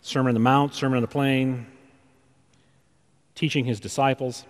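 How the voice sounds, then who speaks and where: A man preaching a conversational sermon, full of rhetorical questions and pauses, in a church sanctuary. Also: medium pitch, fairly even intonation. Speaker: pastor. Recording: long reverb of a large hall.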